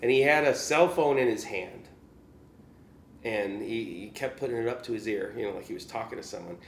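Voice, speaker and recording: A man's voice: lowish voice, brisk. A man, a musician guest, telling a gig story in a loose, rambling way, with lots of "you know" and laughs. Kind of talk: casual storytelling. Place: room in Kansas City. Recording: echoey room.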